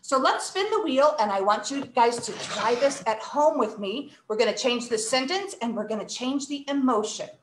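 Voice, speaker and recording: A woman's voice: a little high, moderate pace, few pauses, slight background noise. A woman in her thirties teaching children an online poetry reciting lesson, acting out emotions with her voice. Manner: animated, acts out emotions with her voice. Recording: echoey room.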